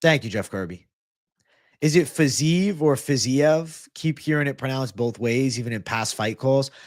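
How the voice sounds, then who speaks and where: A man's voice: medium pitch, animated, normal speed, no echo, studio quality. A young man hosting a live MMA and fitness stream, chatting casually, swearing and thanking viewers. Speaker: livestream host.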